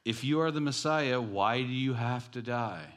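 A man voicing an indignant adult male apostle who protests in rapid, exasperated objections. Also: mid-range voice, fairly bright tone, close to an everyday voice. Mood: pleading.

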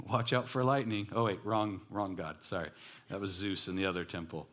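A male pastor delivering a sermon in a lowish voice. He tells personal stories with animation and slips in self-deprecating jokes between points. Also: fairly even intonation, normal speed, fairly bright tone.

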